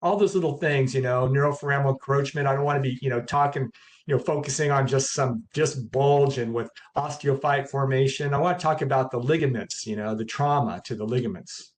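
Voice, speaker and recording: A man's voice: mid-range voice, fairly quick. A man, a chiropractor guest in a casual interview, who talks hesitantly with many fillers but gets blunt.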